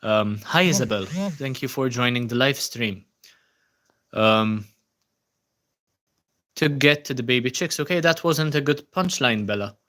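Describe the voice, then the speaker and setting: A man's voice: mid-range voice, measured pace, pauses often, pushed and bright. A man hosting a casual livestream, reading out viewers' comments and answering them with frequent ums. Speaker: livestream host.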